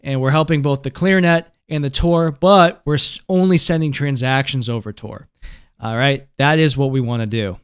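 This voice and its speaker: A man walking viewers through a tech tutorial in a relaxed, chatty way, often tagging his points with "right?" and "okay?". His voice comes across smooth and resonant. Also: medium pitch, normal speed. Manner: conversational, keeps checking in with "right?" and "okay?". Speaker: host.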